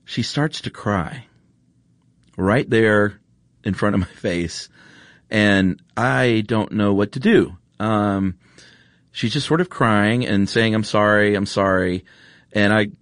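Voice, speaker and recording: A man's voice: fairly low pitch, no room sound, studio quality. A man hosting a podcast, telling a story in a casual, earnest way with plenty of fillers. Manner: earnest, emotional, chatty with many fillers. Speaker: podcast host. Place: podcast studio.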